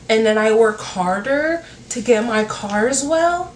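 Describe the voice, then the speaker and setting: A woman's voice: fairly high pitch, slow. Female host, earnest casual advice chat with lots of fillers, recorded distant with faint hiss. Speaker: YouTube talk host. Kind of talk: casual advice talk while doing her hair. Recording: roomy, from a distance, faint noise.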